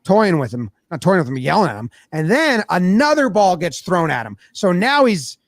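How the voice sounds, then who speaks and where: A man recapping a baseball game in a casual, animated way, storytelling with lots of energy. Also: high-pitched, normal speed, dry recording, studio quality. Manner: animated storytelling, acts out players' voices. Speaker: sports commentator.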